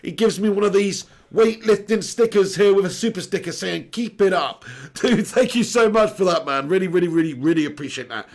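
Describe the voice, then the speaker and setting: Young guy hosting a footy watch-along stream, reads chat out, joking around, high voice, gravelly. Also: animated, a little fast, few pauses, darkish tone. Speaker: live stream host. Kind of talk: football watch-along commentary.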